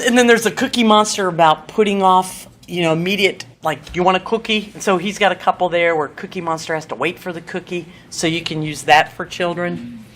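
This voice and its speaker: A woman presenting at a seminar, teaching in a lively way that often checks in with "okay?" and acts out things said to children. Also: on the low side. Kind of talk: lively teaching talk to an audience.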